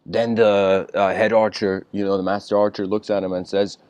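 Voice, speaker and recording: A man giving an informal lecture, telling a story with many fillers and frequent throat clearing. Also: lowish voice, level tone, normal speed, darkish tone, dry recording.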